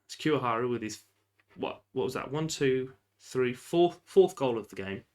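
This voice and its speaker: A man giving lively, casual commentary while playing a football management game, often shouting at the referee and laughing. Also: medium pitch, normal speed. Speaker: gaming YouTuber.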